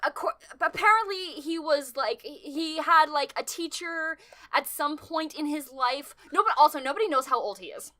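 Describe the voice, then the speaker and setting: A young woman co-hosting a podcast, chatting casually, animated and rambling with frequent restarts. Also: sits high, normal speed. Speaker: podcast co-host. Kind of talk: casual chat.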